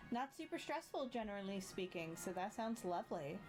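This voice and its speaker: A woman's voice: mid-range voice, sing-song, brisk, music in the background. A woman hosting a livestream panel in upbeat, playful casual chat, laughing often.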